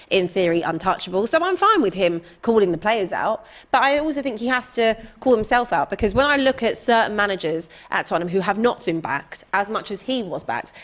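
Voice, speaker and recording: A woman talks football on a chat show, making firm, assertive points as she debates with her co-hosts. Her voice sits at an ordinary middle pitch. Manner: firm, argumentative. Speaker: football pundit, Tottenham fan.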